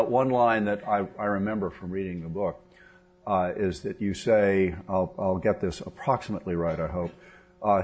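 A man's voice: lowish voice, measured pace, a little mellow. A man interviewing an author, asking long questions with many fillers and restarts.

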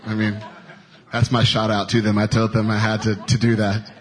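A man's voice: fairly low pitch, completely flat delivery, moderate pace, low-quality recording. A male panelist who works on transit projects, speaking in an upbeat way and laughing easily. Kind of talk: panel discussion answer.

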